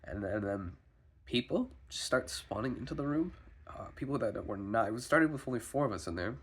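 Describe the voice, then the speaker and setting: A man's voice: fairly low pitch, expressive, brisk, fairly bright tone, slightly rough. A sick man rambling anxiously in a personal video diary, stumbling and restarting often, swearing. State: sick, foggy. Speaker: vlogger.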